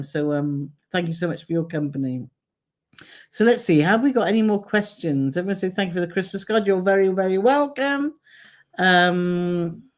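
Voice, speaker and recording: Chatty woman reading viewer comments. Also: on the low side. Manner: chatty, laughs often, reads comments aloud. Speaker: co-host of a travel channel live stream. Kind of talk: casual live-stream chat reading viewer comments.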